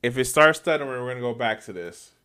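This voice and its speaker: A man's voice: medium pitch, expressive, fast, bright, forceful tone, clear, resonant tone. Incredulous male streamer reacting live. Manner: incredulous, swears, stammers and restarts.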